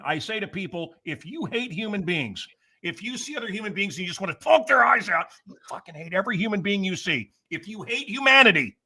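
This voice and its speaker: A man's voice: high-pitched, bright, forceful tone. A middle-aged man hosting a talk show, telling blunt, profane comic stories and setting up jokes for his guest. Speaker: radio and podcast host. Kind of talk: comedic ranting storytelling.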